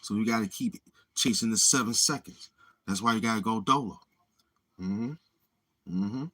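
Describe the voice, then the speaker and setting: A man with a fairly low, slightly bright voice hosts a casual livestream at a normal pace. He rambles from thought to thought, murmuring plenty of mm-hmms in between.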